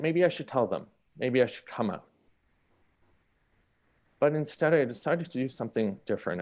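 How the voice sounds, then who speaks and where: A man, speaking on a panel and telling a personal story candidly, acting out the people in it. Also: medium pitch. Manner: candid, animated, acts out the people in his story.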